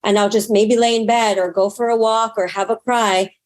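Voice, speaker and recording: A woman spiritual teacher and healer talking casually as an interview guest, animated, acting out her inner voice and swearing freely. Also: on the high side, normal speed.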